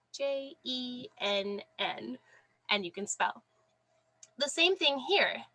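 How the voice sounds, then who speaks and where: A woman's voice: fairly high pitch, sharp tone, dry recording, poor audio. A woman teaching a class over a video call from home, encouraging and praising students by name. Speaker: sign language teacher. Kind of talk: online class instruction. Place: home, with a dog under the desk.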